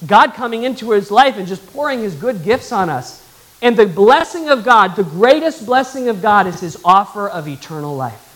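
A man's voice: sits high, animated, normal speed, fairly bright tone, poor audio. A male pastor preaching a sermon, emphatic and calling on the congregation to answer back. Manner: emphatic, calls for congregation response.

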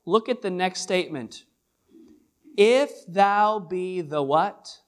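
A man preaching a sermon as pastor, swinging between hushed lines and loud, drawn-out emphasis. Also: sits high, expressive.

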